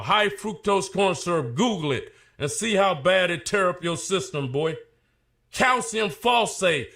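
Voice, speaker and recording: A man's voice: high voice, measured pace, vocal fry. A man angrily ranting and cursing while reading product ingredients aloud. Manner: loud, profane, animated ranting. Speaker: fitness personality reading product labels. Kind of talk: heated ranting clip.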